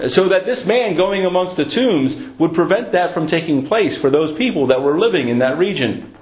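A man's voice: a little high, expressive, moderate pace. A man preaching a sermon, retelling a scripture story in a storytelling manner and lifting his voice at dramatic moments. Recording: roomy echo.

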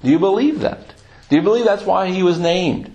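A man's voice: high-pitched, a little fast, darkish tone, poor audio. A man preaching a sermon, emphatic and full of rhetorical questions.

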